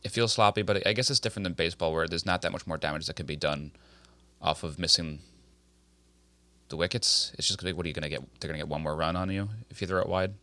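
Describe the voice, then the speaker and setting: A man co-hosting a casual sports recap chat over an online call, quick and animated, laughing often. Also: low voice, no echo. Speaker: podcast co-host.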